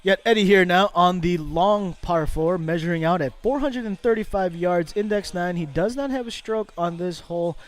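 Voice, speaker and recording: A man doing loud, joking live commentary on a golf match. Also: high-pitched, moderate pace, hardly any pauses. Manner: loud, joking, mixes in Tagalog. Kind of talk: playful live sports commentary.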